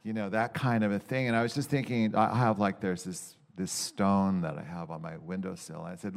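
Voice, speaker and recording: A man telling in a loose, candid way how he talks with God, with many restarts. He moves between exasperated bursts and quiet, reflective stretches. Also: low-pitched, fairly even intonation, fairly quick, vocal fry, few pauses. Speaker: Christian speaker sharing a personal reflection. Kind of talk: casual spoken reflection.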